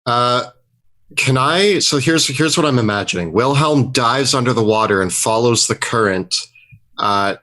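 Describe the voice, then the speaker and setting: A man at a tabletop game, describing his character's moves and thinking aloud between rolls. He talks slowly, and his voice sounds bright. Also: medium pitch. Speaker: player.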